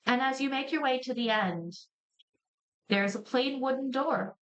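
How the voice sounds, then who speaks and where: A woman narrating as game master of a tabletop game, pausing and restarting as she describes scenes. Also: high voice, muffled recording.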